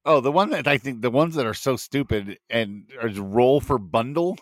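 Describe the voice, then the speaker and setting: A man's voice: medium pitch, expressive, moderate pace, no echo, clean studio sound. A man co-hosting a podcast in casual chat, laid-back and agreeable. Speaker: podcast co-host.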